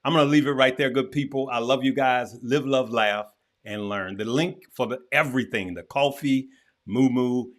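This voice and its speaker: A man of medium pitch, speaking at a normal speed, hosts a casual livestream chat. He repeats himself emphatically and restarts often, giving heartfelt encouragement in a preacher-like way.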